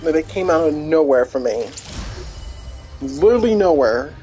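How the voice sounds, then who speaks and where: A man's voice: on the high side, lively intonation, moderate pace, dark tone, soft background music. A man streaming a video game, rambling in casual chat with many restarts and fillers.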